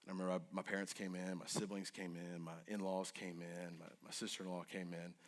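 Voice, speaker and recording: Guy speaking to an audience, fairly low voice, talks fast, earnest and intense, goes quiet then urgent. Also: little pitch movement. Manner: earnest and intense, swinging between hushed and urgent. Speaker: guest speaker. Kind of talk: emotional personal storytelling to an audience.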